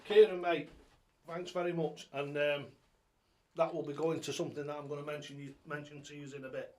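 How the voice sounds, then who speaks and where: A man's voice: a little high, little pitch movement, a little fast. Chatty man hosting a live stream. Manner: rambling, chatty, greets viewers by name. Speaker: live-stream host and darts coach. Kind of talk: casual live-stream chat. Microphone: tablet.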